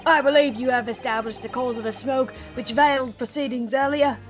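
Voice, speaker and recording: Woman playing a pompous old-school judge, high voice, scolding, faint music behind. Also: steady tone, fairly quick, lightly acted. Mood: stern. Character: stern pompous male courtroom judge. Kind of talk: voicing game dialogue aloud.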